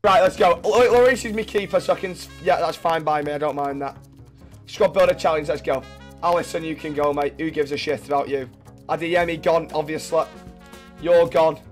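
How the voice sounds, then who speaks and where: A young man from England commentates his video game as he plays, cursing and chatting to his stream. His voice sits fairly high, and faint music runs underneath. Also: a little fast. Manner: swearing, shouting in excitement. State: voice going hoarse. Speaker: gaming streamer. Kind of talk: excited gameplay commentary.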